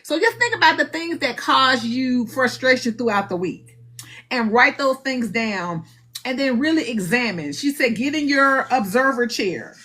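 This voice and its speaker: A high-voiced woman hosts a live online book discussion. Her tone is bright and ringing. She talks in an animated, preachy way and acts out little dialogues. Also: a little slow.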